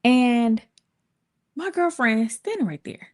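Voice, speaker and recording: A woman in her thirties telling a personal story to her viewers in casual, colloquial talk, with her pitch jumping up when she acts out quotes. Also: slow pace. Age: 30s. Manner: lively, colloquial, swings into high acted voices for quotes.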